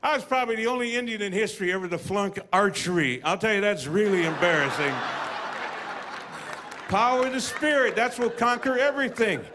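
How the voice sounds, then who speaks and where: A man performing a stand-up comedy routine, telling stories and acting out voices with deadpan punchlines. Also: high voice, fairly quick, a crowd in the background. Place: comedy stage with live audience. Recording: live audience, noisy room.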